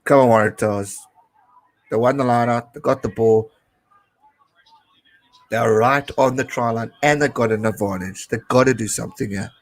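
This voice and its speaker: A South African man in his late twenties gives loose, chatty commentary as he watches a match live. He gets excitable and cheers at the screen. His voice sits at an everyday middle pitch. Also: normal speed, long pauses, rough recording. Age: late 20s. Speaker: live-stream host. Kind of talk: casual watch-along commentary.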